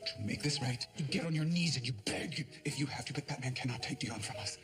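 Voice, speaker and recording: An actress playing a wealthy wife in a TV drama, sharp and commanding. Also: female voice, very deep voice, fast, music in the background.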